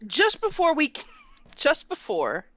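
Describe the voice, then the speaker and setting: A woman co-hosting a live stream, chatting casually in an excitable, slangy way. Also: high voice, slow, no room sound. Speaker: co-host.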